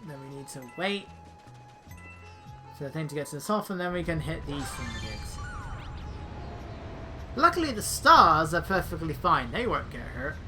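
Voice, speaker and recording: A woman's voice: deep voice, big pitch swings, moderate pace, long pauses. A woman doing casual gameplay commentary as a let's player, with dry, joking asides. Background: faint game music.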